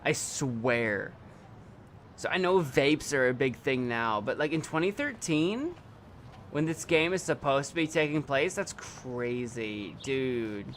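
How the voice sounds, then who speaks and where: A man's voice: mid-range voice, lively intonation, slow pace, fairly bright tone, a little hiss or hum. A young man streaming a video game live, rambling casually and talking back at the screen and his chat. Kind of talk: live gameplay commentary.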